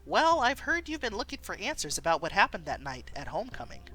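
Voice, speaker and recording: A man's voice: sits high, wildly swooping pitch, fairly quick, bright, forceful tone, faint music behind, pitched above the performer's own voice, exaggerated voice, poor audio. A woman reading aloud from an interactive story game, voicing a nervous, polite young man who stumbles into his words. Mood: tentative. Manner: hesitant and polite.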